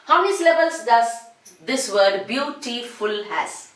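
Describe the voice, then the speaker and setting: A woman teaching a grammar lesson, slowly drawing out each example phrase and repeating forms. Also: on the high side, lively intonation. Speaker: English teacher. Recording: echoey room.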